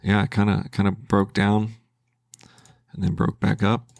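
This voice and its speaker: A man with a low, gravelly voice talks himself through his trading as a channel host, casual and hesitant. He starts sentences over and thinks aloud. The sound is dry and close, with no room around it. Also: flat delivery, unhurried, a little mellow, no echo. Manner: thinking aloud, hesitant, with restarts and self-talk.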